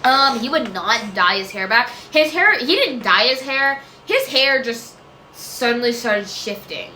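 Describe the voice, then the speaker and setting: Casting note: bright, chatty woman vlogger, rambles and trails off, recorded at home in a roomy space with a faint hiss. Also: fairly high pitch, expressive, measured pace. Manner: rambling and self-interrupting, many fillers and trailing "I don't know". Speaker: vlogger answering viewer questions. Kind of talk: casual chat. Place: home room. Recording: echoey room with faint noise.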